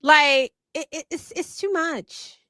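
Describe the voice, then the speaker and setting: Animated, bright-voiced woman chatting. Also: high-pitched, slow, dry recording, studio quality. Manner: animated, laughing, many restarts. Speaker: commentator. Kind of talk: casual panel chat.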